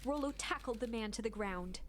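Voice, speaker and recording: A woman narrating a story game aloud in a hushed, suspenseful reading voice. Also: fairly high pitch, brisk, heavy background noise. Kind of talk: scripted narration read aloud.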